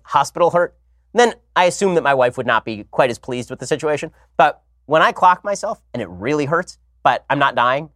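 A man in his thirties hosts a podcast in a wry, rambling monologue, tossing in sarcastic asides. His voice sits at an ordinary middle pitch. The sound is dry and close, with no room echo. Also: a bit bright. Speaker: podcast host. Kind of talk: casual monologue and commentary.

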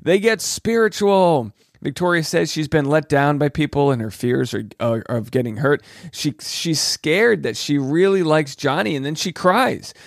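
A man's voice: a little high, a little slow, creaky, few pauses, dry recording, studio quality. A man hosting a podcast, recapping a reality show in a casual, joking way, with playful asides and mock voices. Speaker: podcast host.

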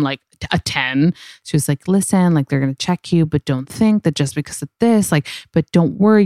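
A young woman tells her story on a podcast in a smooth, slightly low voice. She talks candidly and swears freely, peppering her speech with fillers. The sound is close and dry. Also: no room sound. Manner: candid, profane, lots of "like". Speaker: podcast host. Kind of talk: casual storytelling chat.

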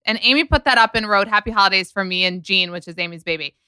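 Bright, crisp-voiced woman gossiping. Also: mid-range voice, quick pace, no room sound. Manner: chatty, animated storytelling with quoted asides. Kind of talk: casual gossip chat.

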